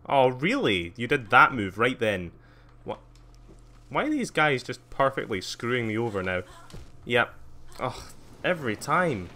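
A man giving live gameplay commentary, excitable, squealing at jumps, laughing often and chatting with viewers. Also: mid-range voice, a little slow, long pauses. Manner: excitable, squeals gleefully at jumps and mocks himself; chats with viewers while playing, laughs often. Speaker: streamer playing a video game.

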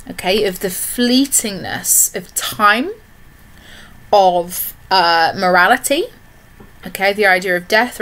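A woman teacher giving a recorded online literature lesson, explaining in an even way with frequent check-ins to her students. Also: medium pitch.

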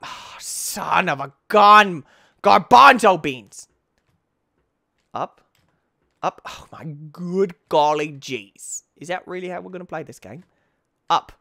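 A man giving goofy let's play commentary, talking to the game and bursting into shouts when things go wrong. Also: on the high side, dry recording, clean studio sound.

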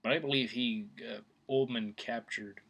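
A man's voice: mid-range voice, steady tone, normal speed, vocal fry, fairly bright tone, a little hiss or hum. A man talking casually to camera about his favorite actor, rambling with many fillers and restarts. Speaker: film vlogger. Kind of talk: casual opinion talk.

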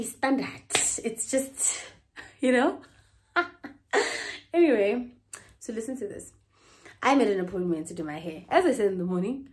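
A young South African woman vlogging casually on her phone, chatty and laughing, slipping Zulu words into her English. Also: fairly high pitch. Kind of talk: casual chat. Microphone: phone held by hand.

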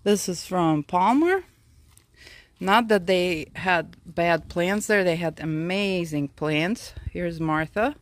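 A woman's voice: lowish voice, slow pace, dry recording. A woman hosting a casual garden tour vlog, chatty and out of breath from the heat, talking to her plants and her viewers. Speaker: orchid grower and channel host. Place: outdoor orchid garden.

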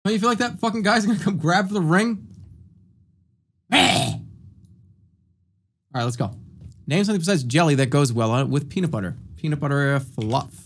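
A man streaming a live party game, reacting with loud mock outrage and low mutters and swearing often. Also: lively intonation, moderate pace, pauses often.

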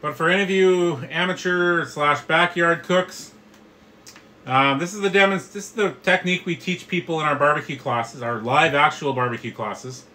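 Middle-aged man, bright, slightly higher voice, friendly how-to host, faint ambience behind. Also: normal speed, slight background noise, rough recording. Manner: friendly, explanatory, addresses viewers as guys. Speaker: barbecue instructor and host. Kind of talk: live cooking tutorial.

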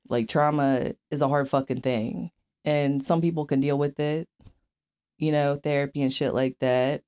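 A woman's voice: very deep voice, moderate pace, a little mellow. Blunt, profane young woman telling her story. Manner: blunt, profane, many fillers. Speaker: interview guest. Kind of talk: candid personal storytelling.

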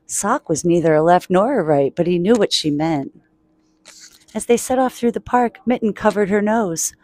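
Playful woman reading a kids' book aloud, kept quiet, lowish voice, dry close mic. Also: lively intonation, moderate pace, no room sound. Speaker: children's book reader. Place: public laundromat.

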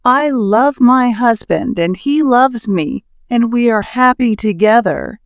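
A woman's voice: on the high side, animated, takes it slowly, smooth, dry recording. A woman reading the lines of a poor man's discontented wife in a storybook tale, demanding in her own plain voice.

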